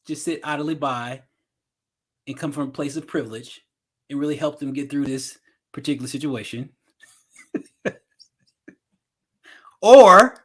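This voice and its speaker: A man's voice: a little high, a bit bright. A man co-hosting a podcast, telling stories in casual banter and breaking into laughs. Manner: loose, joking storyteller who breaks into laughter. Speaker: podcast co-host.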